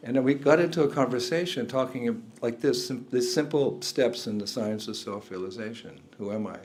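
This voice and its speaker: A man's voice: mid-range voice, fairly quick, noisy background. An older man, a spiritual teacher, giving a talk indoors to a room of listeners, chuckling often and asking them questions.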